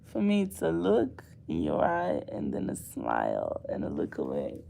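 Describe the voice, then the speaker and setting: Woman livestream host, gravelly, teasing, bursts of laughter and mock indignation. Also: rumbling low, moderate pace, a little hiss or hum. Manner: animated, laughing, playful mock outrage. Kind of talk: casual livestream chat with viewers.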